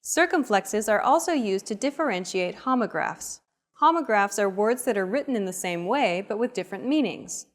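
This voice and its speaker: A woman reading a scripted language lesson, explaining grammar rules in an even, steady voice. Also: medium pitch, normal speed, soft background music. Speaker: language teacher.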